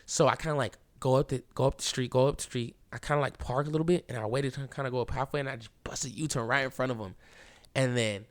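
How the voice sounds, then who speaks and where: A young man in his podcast seat, telling a story in a loose, animated way. His voice sits at an ordinary pitch for a man. He leans on "bro" and "like" and acts out what people said, sometimes dropping to a hush. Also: fast. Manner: animated, keeps saying "bro" and "like"; acts out quoted lines, drops to a hushed voice at times. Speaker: podcast host. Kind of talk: casual storytelling.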